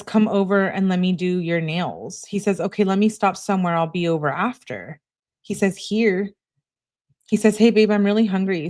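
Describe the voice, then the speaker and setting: A woman's voice: lowish voice, darkish tone. A woman hosting a true crime channel, reading text messages aloud in a casual, conversational way and adding her own comments.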